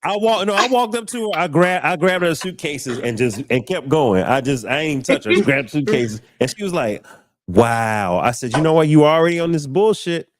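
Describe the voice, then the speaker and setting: Lively young man telling a story. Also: on the high side, moderate pace, a little hiss or hum. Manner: acts out voices in his stories, preachy exclamations. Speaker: podcast host. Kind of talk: animated storytelling on a podcast.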